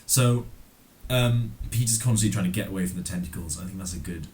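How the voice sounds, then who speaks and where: A man's voice: low-pitched, fairly quick, darkish tone, slight background noise. A man co-hosting a podcast, casually recapping a comic with lots of ums and likes. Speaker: podcast co-host.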